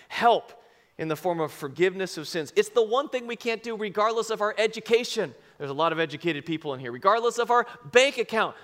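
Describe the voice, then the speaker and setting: Male pastor, high and bright, animated storyteller who acts out quotes, preaching live to a congregation. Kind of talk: sermon with personal story. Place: church service before a congregation.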